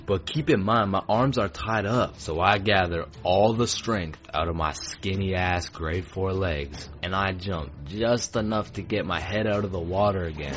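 A low-pitched man spins a comedic storytime in loose slang, stumbling into restarts and dropping swears. The recording sounds dull and lo-fi. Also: a little slow, few pauses, music in the background. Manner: casual, profane, stammering restarts, slang.

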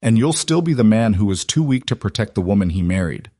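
A man's voice: lowish voice, expressive, no echo, studio quality. Man reading as a steely wronged werewolf woman. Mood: quietly daring. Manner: quiet, measured, cold resolve.

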